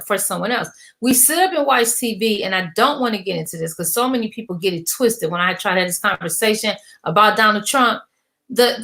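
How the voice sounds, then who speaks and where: Brief: middle-aged woman business coach, emphatic, slangy, preachy, mid-pitched. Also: a bit bright. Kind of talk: motivational rant to camera.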